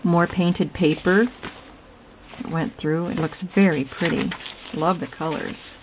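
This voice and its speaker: A woman casually narrating a show-and-tell of a handmade journal, soft, chatty and admiring as she thinks aloud. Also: on the low side, fairly even intonation, takes it slowly, background noise. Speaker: craft vlogger showing a gifted journal.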